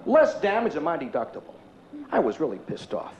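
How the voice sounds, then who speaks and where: A man doing a brash, loud stand-up comedy routine in a comedy club. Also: on the high side, huge pitch swings, brisk, slight background noise. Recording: echoey club, lo-fi tape, loud crowd.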